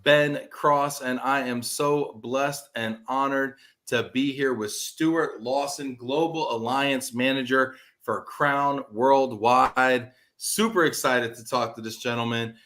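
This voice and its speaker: A man hosting a live interview webcast, with an energetic, teasing, jokey way of talking. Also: mid-range voice, slow, hardly any pauses. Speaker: host.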